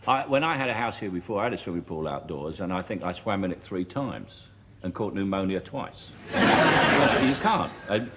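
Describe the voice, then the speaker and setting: Cockney male guest, dry joker, low-ish voice, old TV studio echo. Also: expressive, moderate pace. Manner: wry, joking, with stammered restarts. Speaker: talk show guest. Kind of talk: chatty anecdotal interview. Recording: archive TV studio with hall echo and faint hiss.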